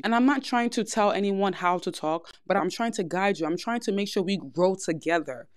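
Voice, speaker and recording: A young woman with a New York accent talks straight to her listeners like a frank older sister, and her podcast advice comes across blunt and unvarnished. Her voice sits at a middle pitch. It is recorded close and dry, with no room echo. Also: animated, fairly quick, few pauses. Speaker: podcast host. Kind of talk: casual advice monologue.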